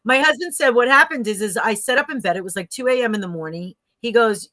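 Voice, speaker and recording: A woman's voice: on the high side, fast, pushed and bright, dry recording. A middle-aged woman as a podcast guest, speaking earnestly and reflectively, often ending with "right?" and laughing easily. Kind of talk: conversational interview.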